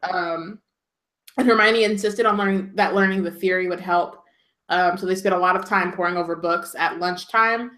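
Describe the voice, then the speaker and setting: A woman's voice: fairly low pitch, fairly even intonation, moderate pace, fairly bright tone, reverberant. Woman reading aloud, then chatting. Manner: reads passages, then drops into joking asides. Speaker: podcast co-host reading a book aloud. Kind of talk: casual book-club chat with read-aloud passages.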